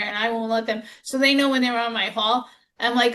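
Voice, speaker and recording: A woman's voice: a little high, steady tone, brisk. A woman podcast host who works as a nurse, chatting and telling stories from her job, quoting herself along the way. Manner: chatty, storytelling, quotes herself. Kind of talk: podcast conversation.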